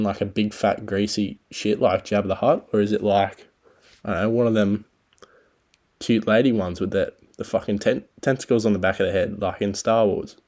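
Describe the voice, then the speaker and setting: A young Australian man with a very low voice rambles through his solo podcast. He swears constantly and talks in a loose, laid-back way. The recording is low-quality and homemade. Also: darkish tone. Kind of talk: casual rambling chat.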